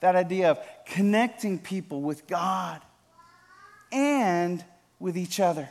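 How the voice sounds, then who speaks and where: A man preaching a sermon as pastor, moving between hushed, slow repetitions and loud, emphatic build-ups, and calling on people in the congregation by name. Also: high-pitched, expressive. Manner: addresses congregation members by name.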